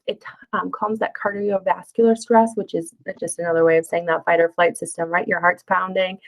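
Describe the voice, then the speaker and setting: A middle-aged woman leads a parenting workshop in an easygoing lesson style. Her voice sits at an ordinary mid pitch. She talks conversationally and sometimes acts out little scenes with a playful touch. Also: creaky, rough recording. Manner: friendly, conversational, with fillers and acted-out asides. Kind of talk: casual spoken workshop lesson.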